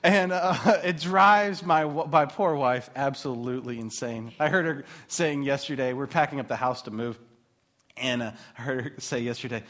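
At medium pitch and a moderate pace, a pastor in his thirties preaches in an animated, chatty way, with casual asides sprinkled throughout his sermon.

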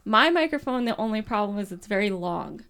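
A woman hosts a podcast in loose, casual chat. She talks easily and jokes as she goes, with a voice of ordinary middle pitch. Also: lively intonation, fairly quick, vocal fry, fairly bright tone. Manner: chatty and joking. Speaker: podcast host.

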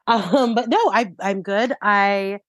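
A woman's voice: medium pitch, steady tone, slow pace, dry recording, studio quality. A middle-aged woman co-hosting a podcast, chatting casually, her voice a bit sick from a cold, with lots of fillers and laughs. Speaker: podcast co-host. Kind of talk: casual chat.

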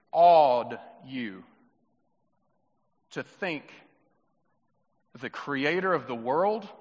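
A man preaching a sermon as pastor in a church, swinging from loud, emphatic questions to soft, hushed reflection and acting out the voices of the people he quotes. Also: fairly high pitch. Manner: acts out quoted voices of Jesus, children and himself. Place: church sanctuary. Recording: muffled sound with long hall reverb.

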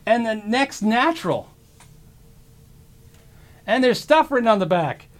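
A man with a notably high-pitched voice hosts his own show in loose livestream chat. He talks excitably, stammers and often breaks off to restart his sentences. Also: unhurried. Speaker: show host.

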